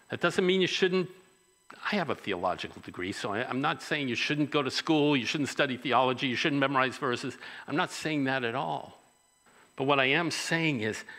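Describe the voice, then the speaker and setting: A male pastor preaching with a bright, forceful tone, mid-pitched and easy to follow. He keeps it conversational, throwing rhetorical questions at the congregation. The sound rings with the long reverb of a big hall. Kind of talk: sermon.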